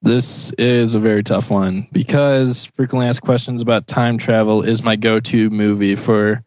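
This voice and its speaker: A man on a casual movie podcast, hesitant and filling pauses with uh. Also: lowish voice, steady tone, a little mellow, no echo. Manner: hesitant, filler-heavy. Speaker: podcast co-host. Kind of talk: casual chat.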